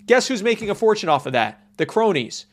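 A man's voice: high-pitched, very animated, brisk. A man from the United States giving a sarcastic, emphatic opinion monologue, with many fillers.

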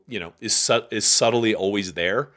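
A man, a guest author, talking casually in an interview and acting out quoted voices with lively energy. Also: on the low side, moderate pace. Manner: animated, acts out quoted voices.

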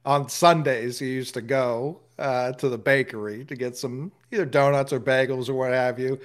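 A man's voice: mid-range voice, steady tone, moderate pace. A man co-hosting a casual chat, telling wry stories with frequent laughs. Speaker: co-host.

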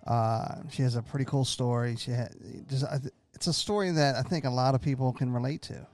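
A man co-hosting a podcast, talking in a relaxed, rambling way. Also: medium pitch, fairly quick. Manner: relaxed, rambling, calls people brother. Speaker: podcast co-host. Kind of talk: casual chat.

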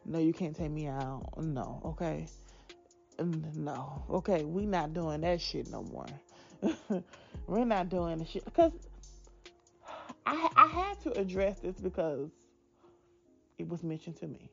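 A woman in her twenties talking candidly to her viewers, blunt and sassy, with emphatic, drawn-out asides and plenty of profanity. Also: low voice, lively intonation, vocal fry, a bit bright, highs cut off, soft background music. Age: 20s. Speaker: vlogger. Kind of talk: candid casual chat to viewers.

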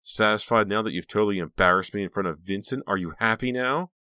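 A man voicing a bratty fifteen-year-old girl who taunts and sneers in a shrill voice. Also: big pitch swings, unhurried, fairly bright tone, no room sound, clean studio sound, exaggerated voice. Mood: sneering.

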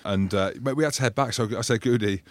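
A man co-hosting a podcast, telling lively anecdotes in casual banter and acting out the shouts of people in his stories. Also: mid-range voice, fast, no echo, clean studio sound. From Scotland. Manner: animated storyteller, acts out loud voices in anecdotes. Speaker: podcast co-host.

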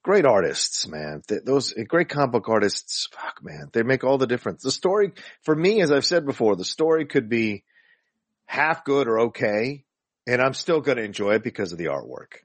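Male podcast host, husky, animated pitch, casual and swears freely. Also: normal speed, dry recording. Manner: relaxed, swears casually, trails off with fillers. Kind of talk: casual chat.

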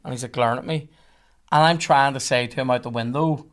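A young podcast guest tells a casual, swear-heavy story, animatedly acting out the lines of the other people in it. He has a mid-range voice and talks fairly quickly.

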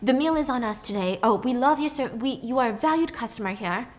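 A woman's voice: on the high side, lively intonation, fairly quick, close to an everyday voice. A woman voicing a nervous, fawning head waiter who stumbles over his apologies to a rich customer. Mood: apologetic. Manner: fumbling, apologetic, hushed.

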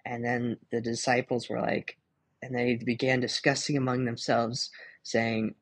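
A man's voice: medium pitch, little pitch movement, unhurried, fairly bright tone, husky, no room sound. A young man hosting a casual devotional podcast, talking and reading Bible verses in a chatty way, laughing often and filling his speech with "like" and "um". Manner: chatty, laughing, full of fillers like "like" and "um". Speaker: podcast host.

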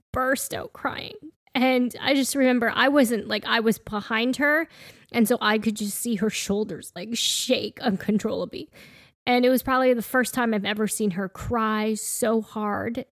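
A woman's voice: fairly high pitch, unhurried, dry recording, clean studio sound. A woman co-hosting a casual conversation, telling personal stories in an earnest way.

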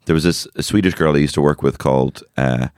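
A man's voice: a bass voice, quick pace, clean tone, dry recording, studio quality. A man with a Dublin Irish accent, co-hosting a podcast in crude, joking casual chat. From Ireland. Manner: crude, joking, animated storytelling. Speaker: podcast co-host.

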